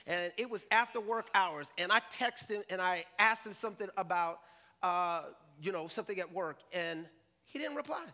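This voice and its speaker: Man, pastor, lively sermon, jokey and animated, very high voice, bright tense tone. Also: normal speed. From Jamaican family roots. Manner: animated, jokey, acts out quotes. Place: church stage.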